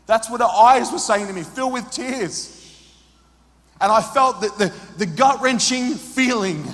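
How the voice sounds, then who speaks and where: A man preaching a sermon, telling an emotional story that swings from hushed tones to shouts. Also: extremely high pitch, unhurried, in a large hall.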